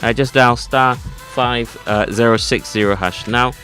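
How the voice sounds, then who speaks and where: A man's voice: medium pitch, steady tone, unhurried, bright, forceful tone, faint music behind. A Ghanaian man co-hosting morning radio, joking about local languages and reading a live ad in an upbeat way with frequent fillers. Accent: Ghanaian English. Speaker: radio co-host. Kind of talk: radio banter and live ad read.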